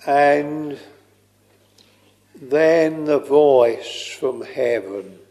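A man preaching a slow, earnest sermon, tender and pleading as he quotes hymns. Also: a little high, a little mellow. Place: church. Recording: long reverb of a large hall.

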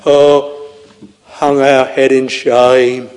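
A man preaching a sermon, tenderly addressing his listeners in a slow, intoning way. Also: medium pitch, little pitch movement, darkish tone. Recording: long reverb of a large hall.

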